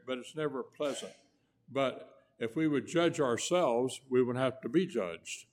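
A man preaching a sermon in a folksy way, telling homespun stories and often repeating his words. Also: mid-range voice. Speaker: guest preacher.

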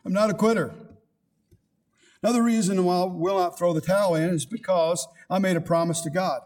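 A man's voice: high-pitched, steady tone, fairly quick, darkish tone. An older man, a pastor, preaching a sermon with rising emphasis and quoted scripture.

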